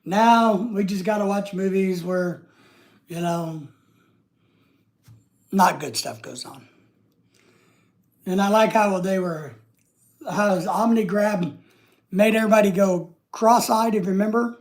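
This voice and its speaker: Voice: mid-range voice, takes it slowly, long pauses, darkish tone. A live-stream host chatting casually with viewers, rambling and trailing off at the ends of thoughts.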